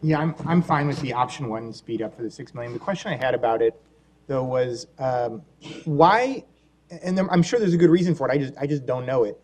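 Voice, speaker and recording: A man's voice: mid-range voice, expressive, a little fast, a little mellow. A man on a city council asking staff a question in a public meeting, a little hesitant. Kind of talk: council debate.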